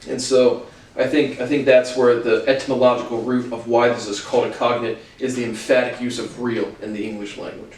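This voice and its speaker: A man's voice: mid-range voice, little pitch movement, a little fast, reverberant, recorded from a distance, rough recording. A man thinking aloud as he talks through dictionary entries in a casual language lesson.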